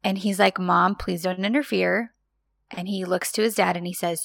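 A woman chatting casually as a podcast co-host, acting out scenes with lively, expressive delivery. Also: normal speed, vocal fry, dry recording, clean studio sound. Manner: animated, acts out quoted lines with big pitch jumps. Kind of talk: casual chat recapping a TV drama.

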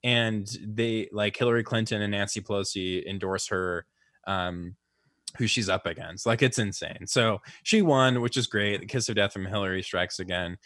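A man with a low voice talks through politics in a loose, rambling way, full of fillers and false starts. His voice is recorded close and dry, with no room around it. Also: moderate pace, fairly bright tone, dry recording. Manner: rambling, many fillers and restarts. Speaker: podcast co-host. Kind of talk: casual political chat.

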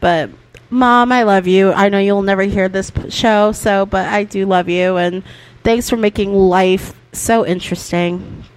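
A young woman co-hosting a podcast, telling lively family stories, laughing often and swearing casually. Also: mid-range voice, unhurried, smooth. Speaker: podcast co-host. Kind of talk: casual chat.

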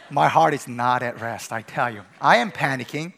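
A man preaching a sermon to students, telling a story with sudden loud bursts. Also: medium pitch, a little slow, vocal fry, pauses often. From Korea. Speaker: pastor.

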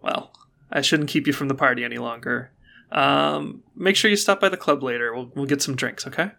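A man's voice: medium pitch, brisk, creaky, bright, forceful tone. A man voicing a sultry, scheming woman in a tabletop game, coaxing and patronizing.

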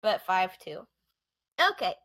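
A woman's voice: fairly low pitch, slow, fairly bright tone. A woman co-hosting a true-crime podcast, telling the case in a chatty way full of fillers and asides over a remote call.

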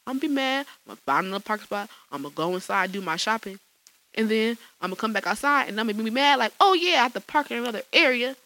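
Solo podcast host, woman, gravelly and bright, loose chatty delivery with frequent laughs. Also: fairly low pitch, low-quality recording. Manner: chatty, laughs often, casual slang. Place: small home studio.

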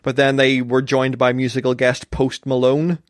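A man's voice: medium pitch, monotone, normal speed, slight background noise. A man in casual chat, making dry, wry asides.

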